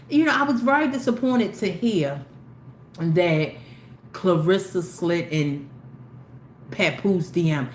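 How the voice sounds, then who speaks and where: Opinionated woman gossiping in an echoey room. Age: older. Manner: animated, opinionated, slangy, swings between low asides and loud exclamations. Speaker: commentary host. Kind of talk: casual celebrity gossip commentary. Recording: echoey room with faint ambient noise.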